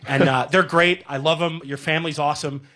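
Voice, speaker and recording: A man's voice: fairly high pitch, steady tone, a little fast, pushed and bright. A man in his thirties, a radio sports director, giving a rambling, heartfelt farewell tribute on air with many fillers.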